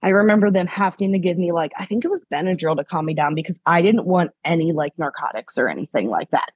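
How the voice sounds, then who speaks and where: A woman's voice: lowish voice, lively intonation, quick pace, breathy edge, no room sound, muffled recording. A woman from Pennsylvania, a podcast guest in her thirties, telling her story candidly in a rambling, filler-heavy way. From Pennsylvania, USA. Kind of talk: casual interview.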